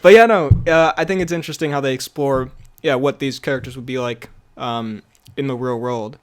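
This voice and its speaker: A man's voice: medium pitch, fairly quick, slight background noise. A young man co-hosting a podcast in casual chat, rambling with lots of fillers and laughing easily. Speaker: podcast co-host.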